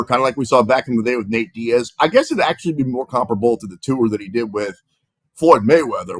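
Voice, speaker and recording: A man hosting a sports podcast, moving briskly from topic to topic. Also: mid-range voice, breathy edge, no echo. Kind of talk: casual sports talk.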